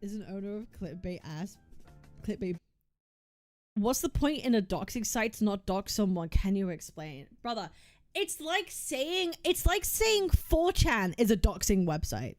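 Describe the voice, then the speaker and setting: A woman's voice: medium pitch, big pitch swings, a little slow, dry recording, clean studio sound, soft background music. A woman streamer making a heated, argumentative case on stream, emphatic and often repeating herself. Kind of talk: heated reaction rant.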